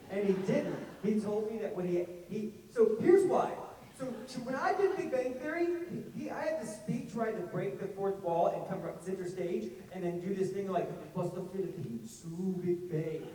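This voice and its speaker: A man with a Southern accent telling rambling, self-mocking stories as a convention panel guest, full of animated asides. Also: high-pitched, a little hiss or hum. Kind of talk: casual storytelling to an audience. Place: large convention hall. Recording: echoey hall, heard from far off.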